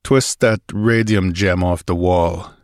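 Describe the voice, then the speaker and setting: A man voicing a wounded barbarian warrior who speaks bluntly and gruffly. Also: low-pitched, steady tone, slow pace, dry recording, clean studio sound. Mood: grim.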